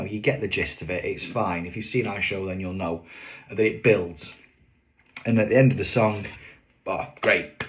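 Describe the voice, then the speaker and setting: A man, a singing waiter, chatting to camera as he tells a story from a show. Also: on the low side. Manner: chatty, lively, with fillers and asides.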